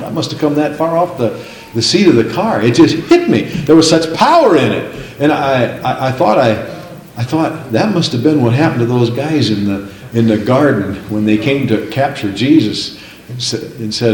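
A man's voice: medium pitch, a little mellow, reverberant, a little hiss or hum, low-quality recording. A man preaching a sermon, telling a folksy story and then reading scripture aloud, building to fervent emphasis on key lines.

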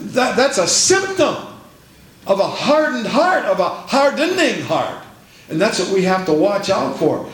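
A man preaching a fervent sermon, repeating phrases and calling out amen and praise the Lord. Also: sits high. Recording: very echoey hall with faint hiss.

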